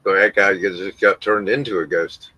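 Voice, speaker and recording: Low, bright-toned laid-back man. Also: steady tone, normal speed, no echo, low-quality recording. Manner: laid-back, agreeing, anecdotal. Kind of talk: casual chat.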